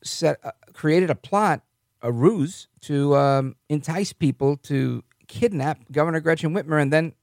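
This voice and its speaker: A man's voice: mid-range voice, darkish tone, dry recording, studio quality. A man from New Jersey giving a conversational political commentary monologue, often asking "right?" and reading news reports aloud. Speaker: commentary host.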